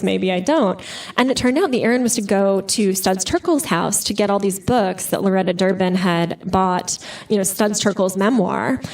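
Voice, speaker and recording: A woman author talks through her stories with quick, lively energy, scattering "like" and "you know" as she goes. Her voice sits at a middle pitch. The mic sits some way off in a bookstore with an audience. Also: slight background noise. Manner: animated storyteller, full of "like" and "you know". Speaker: author guest. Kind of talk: live interview conversation. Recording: distant mic at live event.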